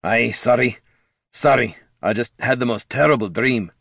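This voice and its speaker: A man's voice: mid-range voice, moderate pace, vocal fry, a bit bright, no echo, studio quality, pitched above the performer's own voice. A man voicing Gorm, a blunt, stubborn dwarf warrior who speaks in clipped, old-fashioned phrases. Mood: gruff. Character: gruff male dwarf hero, blunt and stubborn.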